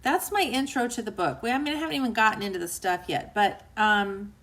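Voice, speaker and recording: On a book club livestream, a woman author speaks briskly in a mid-range voice. She offers a heartfelt, emotional motivational talk that dips quiet and soft at times, reading out viewer comments in a chatty manner.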